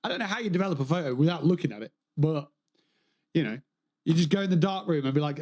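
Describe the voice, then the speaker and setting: A man's voice: on the high side, animated, fast talker, darkish tone. A man on a gaming livestream, chatting casually, rambling and joking, swearing freely. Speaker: streamer.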